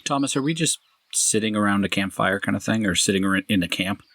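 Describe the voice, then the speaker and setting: A man's voice: lowish voice, a little fast, fairly bright tone, dry recording. A man playing a tabletop game, talking in a casual, matter-of-fact way. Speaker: player.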